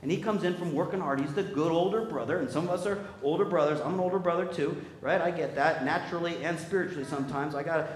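Brief: male pastor mid-sermon, lively and chatty, high voice, reverberant church room. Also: quick pace, hardly any pauses. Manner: animated preaching with sudden loud jumps and quiet drops; conversational, checks in with "right?" and "okay?".

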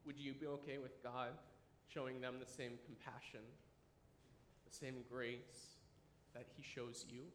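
A man in his thirties preaching a sermon, animated and enthusiastic, dropping at times to a quiet, earnest tone. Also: mid-range voice, unhurried, a little hiss or hum. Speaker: pastor. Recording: echoey room with faint ambience.

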